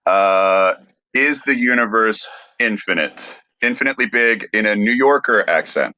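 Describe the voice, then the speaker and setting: A man's voice: fairly low pitch, measured pace, pushed and bright. A man co-hosting a comedy podcast, reading out quiz questions in a dry, matter-of-fact way. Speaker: podcast co-host asking questions. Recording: dry, dull lo-fi sound.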